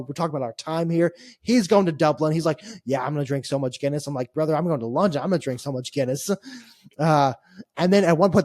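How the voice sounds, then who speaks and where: Man, American, young adult, podcast co-host, casual rambling stories, fairly high voice, dry close sound. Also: dry recording. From United States. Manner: animated, laughing storyteller with filler-heavy restarts. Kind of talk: casual storytelling chat.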